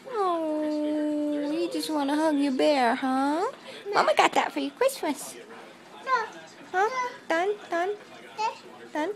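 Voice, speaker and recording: A young mother coos at her toddler in very high, swooping baby talk, drawn out very slowly. Her voice slips into a gravelly fry at the ends of phrases. Other voices are clearly heard in the background of the home video. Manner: sing-song, cooing and praising, repeats words for the child.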